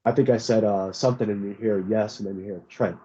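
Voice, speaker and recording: A man co-hosting a podcast, telling a story in a relaxed, unhurried way with fillers. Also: lowish voice, a little hiss or hum. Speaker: podcast co-host. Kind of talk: casual chat. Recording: muffled lo-fi recording.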